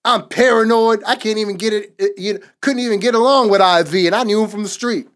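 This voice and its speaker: A man's voice: high voice, fast, fairly bright tone. A man on a podcast giving a casual, emphatic faith testimony in a repetitive, preaching cadence. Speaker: podcast co-host.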